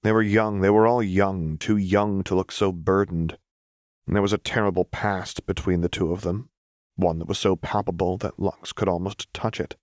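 A man reading fan fiction aloud in a measured, even narration. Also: deep voice, dry recording, studio quality. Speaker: audiobook reader.

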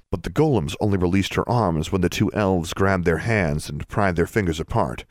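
A man with a very low voice reads a storybook aloud, even and measured. The sound is close and dry with no room around it. His pacing stays steady across long passages. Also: no echo. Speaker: narrator. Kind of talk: audiobook narration.

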